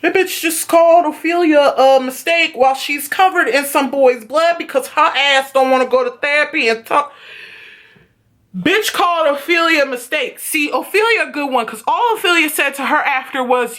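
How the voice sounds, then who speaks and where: Woman, casual TV recap, excitable and profane, somewhat high voice. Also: normal speed. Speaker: vlogger reviewing a TV episode.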